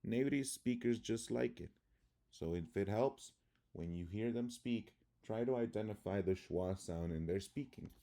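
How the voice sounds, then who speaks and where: A man teaching English pronunciation, reading word lists deliberately one by one and explaining calmly. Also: on the low side. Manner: deliberate, reads words one by one.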